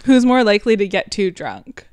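A woman's voice: mid-range voice, expressive, moderate pace, a little mellow, dry recording. A woman hosting a casual podcast, reading out game questions and teasing her guests. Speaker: podcast host.

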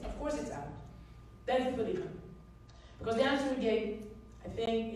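A woman's voice: mid-range voice, a little hiss or hum. Woman telling a story in an echoey hall. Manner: animated storyteller with many restarts. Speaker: guest speaker. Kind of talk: storytelling talk to an audience. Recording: very echoey hall, mic from far.

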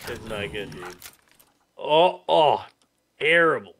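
A man co-hosting a gaming video, chatting casually and reacting loudly as he plays, with game gunfire behind him. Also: on the high side, background noise. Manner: excitable, quick reactions, frequent "dude". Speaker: gaming channel co-host. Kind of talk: casual gameplay chat.

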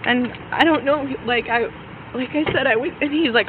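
Upset high-voiced woman on body-cam audio. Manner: rapid, agitated, quotes others in voices. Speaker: complainant speaking to police. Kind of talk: upset retelling of an incident. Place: outdoors by a fast-food restaurant. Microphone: officer's body camera. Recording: tinny body-cam audio, noisy street.

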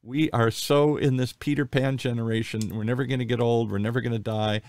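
A man in his sixties hosting an interview, telling personal stories in a candid, rambling, animated way. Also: medium pitch, fairly quick, no room sound. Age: 60s. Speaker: podcast host. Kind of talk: conversational interview.

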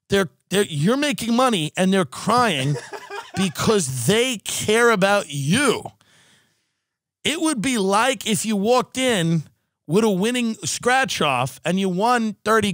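Sarcastic, high-voiced male podcast host. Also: slow pace, no room sound, studio quality. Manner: sarcastic, profane, animated. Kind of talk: comedic rant.

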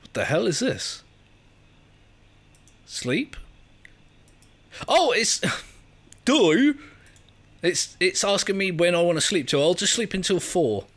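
A man's voice: high-pitched, sing-song, slow, long pauses, fairly bright tone. An English man giving chatty, self-mocking let's play commentary as he plays a video game, often laughing and reading on-screen text aloud. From England. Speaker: gaming video creator.

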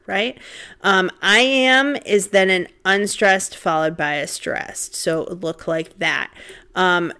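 A woman's voice: fairly low pitch, a bit bright. Casual woman lecturing on poetry slides. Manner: casual and conversational, thinking aloud, frequent ums, counting out beats. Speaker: literature instructor. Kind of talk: recorded lecture over slides.

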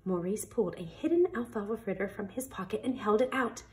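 A woman reading a picture book aloud with an expressive storytelling delivery. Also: mid-range voice, a little fast. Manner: expressive, animated read-aloud.

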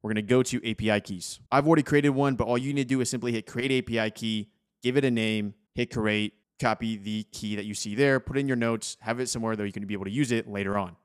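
A young man who talks fast and walks through a software tutorial in a chatty, upbeat way. His voice sits at a middle pitch, and he drops in a casual "y'all". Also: fairly even intonation, smooth. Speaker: host.

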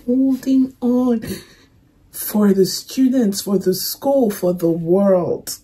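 A young woman casually talking through her reaction to a movie, emotional and soft-spoken, fond with her viewers. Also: medium pitch, slow pace, husky, poor audio.

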